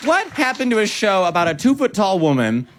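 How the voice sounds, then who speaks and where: A man doing a stand-up set in an American accent, animated and quick to mimic other voices. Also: high-pitched, heavy background noise. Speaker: stand-up comedian. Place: comedy club stage. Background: audience laughter.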